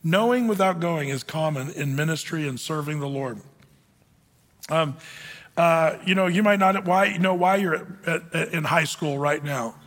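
High-voiced preacher in a reverberant hall. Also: male voice, a bit bright. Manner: conversational, many fillers, reads scripture slowly. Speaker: pastor. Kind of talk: sermon.

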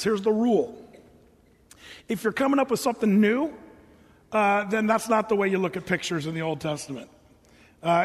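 A fairly high-voiced pastor preaches in a relaxed, storytelling way, slipping into little voices for the people he describes. His tone is a bit husky, and his words carry a long echo through a big church hall. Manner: casual, animated storytelling with voiced quotes. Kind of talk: sermon. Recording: reverberant hall.

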